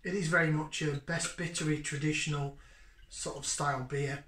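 A man's voice: a little high, fairly even intonation, normal speed, fairly bright tone. A man hosting a casual beer review, chatty and rambling with lots of fillers. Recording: echoey room.

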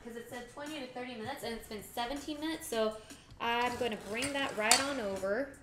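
A woman's voice: on the high side, brisk, noisy background. A woman streaming herself cooking, chatting casually with her viewers and narrating each step. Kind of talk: casual live-stream chat while cooking. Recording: background music clearly audible.

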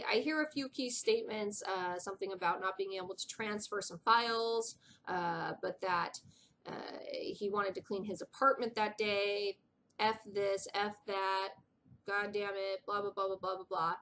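A woman's voice: medium pitch, fairly bright tone, a little hiss or hum. A middle-aged woman vlogging in a rambling, chatty way who drops to a whisper for asides. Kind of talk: casual chat.

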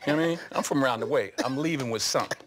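A woman putting on a low streetwise Grim Reaper. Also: racing, a little hiss or hum. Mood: boastful.

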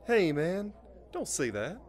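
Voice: medium pitch, big pitch swings, takes it slowly, a little mellow, husky, heavily acted. A man doing a laid-back chicken puppet. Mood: soothing. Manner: drawling, says "man" constantly. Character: laid-back male chicken puppet, easygoing stoner friend. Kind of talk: puppet comedy sketch.

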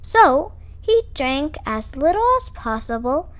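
Woman, children's read-aloud, expressive storyteller, lively swooping pitch, slow pace. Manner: expressive, animated reading. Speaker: children's book reader.

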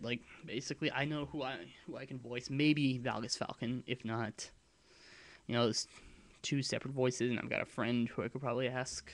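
A man with a deep voice talking in a casual vlog, rambling and hesitant, with frequent ums and restarts as he explains his project plans. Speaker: vlogger and abridged-series creator.

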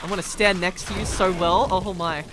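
A man hosting a casual gameplay video, excitable, laughing often and swinging between mumbles and shouts. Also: high voice, fairly quick, background noise. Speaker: gaming video host.

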